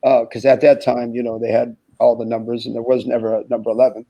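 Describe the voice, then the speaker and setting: Man, 60s, from the US, podcast guest, anecdotal storytelling, animated, acts out dialogue, chuckles often. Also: medium pitch, fast talker, creaky, rough recording. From United States. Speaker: podcast guest, former pro basketball player.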